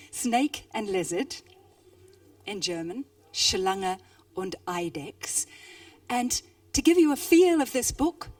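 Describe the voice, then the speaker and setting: A woman's voice: mid-range voice, darkish tone, dry recording, recorded from a distance. A woman moderating a stage interview at a book fair, enthusiastic as she presents the guest.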